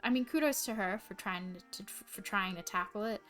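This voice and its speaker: A woman's voice: medium pitch, a little fast, a bit bright. A young adult woman streaming live, chatting casually in a rambling way full of fillers and restarts. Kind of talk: casual chat. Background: faint music.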